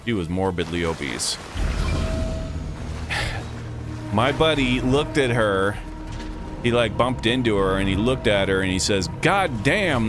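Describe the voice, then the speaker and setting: Slow, low-voiced man telling a rambling story. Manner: profane, loose, lots of fillers like "like" and "dude". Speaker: vlogger. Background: music playing.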